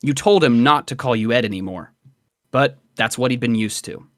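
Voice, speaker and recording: A man's voice: medium pitch, moderate pace, no room sound, clean studio sound. Man narrating as dungeon master. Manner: descriptive, relaxed, hedging with filler words. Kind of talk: narrating a tabletop game.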